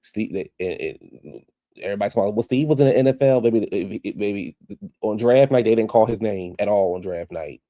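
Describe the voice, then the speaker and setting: A man's voice: on the low side, brisk, mellow, no room sound. A man giving a sassy, gossipy casual recap of a reality show, talking straight to his viewers.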